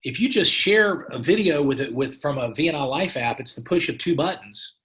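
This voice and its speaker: A man's voice: on the high side, lively intonation, moderate pace, a bit bright. Emphatic man coaching sales partners. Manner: emphatic, repeats phrases, many restarts, coaching tone. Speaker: company president giving partner training. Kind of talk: motivational sales training talk.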